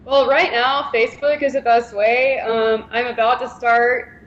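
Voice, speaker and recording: A woman guest, a pickleball player and coach, chatting casually and laughing often; she calls her own voice monotone. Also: fairly high pitch, a little slow, dull audio. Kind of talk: casual interview chat.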